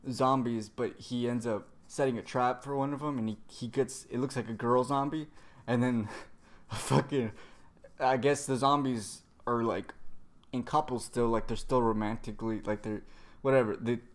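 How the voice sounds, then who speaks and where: A man's voice: medium pitch, steady tone, moderate pace. A man casually recapping a comic chapter, rambling, cursing a lot and trailing off into fillers. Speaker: manga reviewer.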